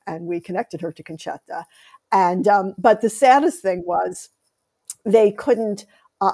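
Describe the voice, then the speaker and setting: Middle-aged woman, interview guest, animated storyteller, gravelly texture. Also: medium pitch. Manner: animated storytelling, laughs often. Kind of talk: conversational interview.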